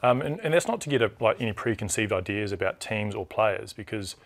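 Here a New Zealand-accented man, a rugby referee, is a guest in the studio for a casual chat. Quick and animated, he keeps restarting his sentences, and his voice sits lowish.

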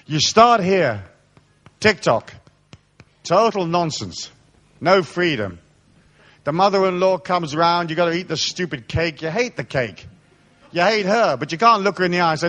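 A man's voice: high-pitched, moderate pace, pauses often. A man giving a live motivational talk to an audience, telling stories with lots of swearing and acting out the voices of the people in them. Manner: animated storyteller, swears freely and acts out quoted voices. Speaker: spiritual seminar speaker. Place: seminar hall.

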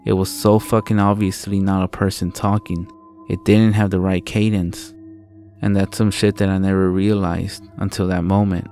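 A man narrating a first-person horror story in a slow, deliberate, profane way. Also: low-pitched, little pitch movement, warm tone, faint music behind.

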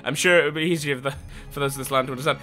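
A man's voice: fairly high pitch, steady tone, very fast, pushed and bright, soft background music. A man reading out a formal, courteous samurai lord. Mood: formal grateful.

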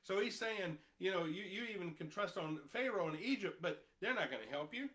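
A man's voice: expressive, brisk, a bit bright. A man preaching a sermon as pastor, reading scripture aloud with passion and breaking into conversational asides to the congregation. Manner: impassioned, reads scripture aloud, rises in pitch and volume when stressing points.

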